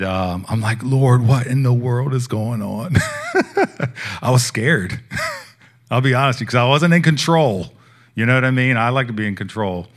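A young man preaching, telling a personal faith story in a casual, heartfelt way that swings between hushed and loud. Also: lowish voice. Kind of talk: sermon testimony.

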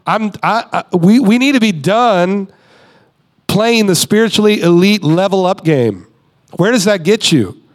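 A man with a high voice preaches in a casual, conversational way. He leans into points with emphasis and slips into quick mock voices to act out the people he mentions. He sounds like a guest speaker in his thirties. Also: expressive. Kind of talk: sermon.

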